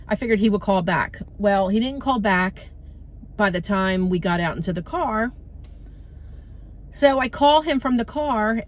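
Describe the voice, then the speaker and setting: Middle-aged woman venting in a casual vlog. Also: mid-range voice. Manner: venting, rambling with many fillers. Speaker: vlogger. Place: outdoors by a street, waiting for a ride.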